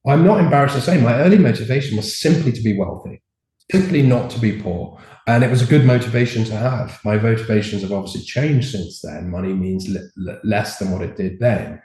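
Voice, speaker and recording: A man's voice: on the low side, fairly quick, warm tone. A middle-aged man with a posh English accent, telling candid stories as an interview guest in a frank, emphatic way. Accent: posh English, learned over a Cockney childhood. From England. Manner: frank, emphatic, with repeated restarts. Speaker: entrepreneur guest. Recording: roomy echo.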